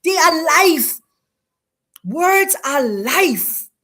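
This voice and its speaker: A woman hosting a spiritual teaching talk, speaking in an emphatic, preacherly way with repeated, drawn-out phrases. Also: high voice, very animated, bright, forceful tone. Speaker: host.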